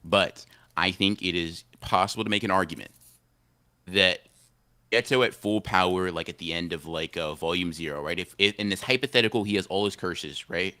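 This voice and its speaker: A man's voice: sits low, normal speed, sharp tone, clear, resonant tone. A man co-hosting a casual anime podcast stream, rambling, slangy and repeating himself as he argues his take. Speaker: podcast co-host.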